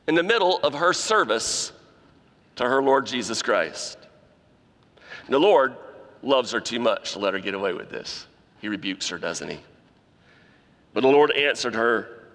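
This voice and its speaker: A pastor delivering an animated sermon in a church, acting out the voices he quotes. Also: on the high side. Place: church sanctuary. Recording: long reverb of a large hall.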